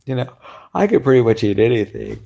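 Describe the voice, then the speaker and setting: A vlogger chats to the camera in a casual, rambling way, laughing and sighing often and yawning now and then from tiredness. His mid-range voice swoops wildly in pitch, a little fast, creaky and mellow with a breathy edge, in a muffled recording.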